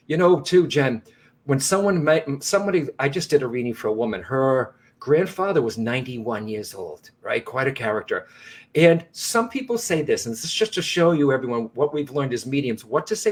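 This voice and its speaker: A man co-hosting a live broadcast conversation, his voice sitting at an ordinary middle pitch. He talks earnestly and reassuringly to his viewers, often circling back and restarting his sentences. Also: expressive, moderate pace. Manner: frequent restarts and repeated phrases. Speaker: psychic medium and co-host.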